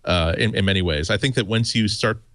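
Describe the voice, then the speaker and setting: A man's voice: lowish voice, brisk, a bit bright, no room sound. A man on a tech panel, talking in long sentences full of restarts. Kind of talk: casual panel chat.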